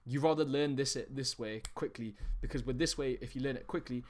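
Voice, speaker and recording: A man's voice: mid-range voice, brisk, darkish tone. A young man presenting as a dating coach in an online lesson, talking bluntly with heavy profanity and calling his viewers guys and bro.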